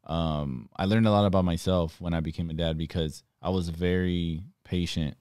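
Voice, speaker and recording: A man's voice: sits low, steady tone, moderate pace, a little mellow, smooth, no room sound, clean studio sound. A young man, a podcast host and father, talking in a laid-back, casual way. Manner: laid-back, speaks in loose restarts and fillers. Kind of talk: casual chat.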